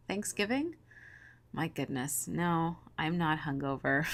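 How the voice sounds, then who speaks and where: A chatty woman in her thirties talks viewers through her scrapbooking in a low, just-woke-up morning voice. She rambles happily through asides and laughs easily, keeping things casual and upbeat. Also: lively intonation, a little slow, fairly bright tone. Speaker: scrapbooking video host. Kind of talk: casual chat to viewers while crafting.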